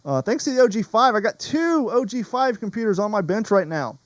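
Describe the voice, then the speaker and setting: A man's voice: sits high, very animated, a little fast, no echo. Rambling, chatty male podcast host. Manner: rambling, chatty, wanders off topic. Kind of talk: casual podcast chat.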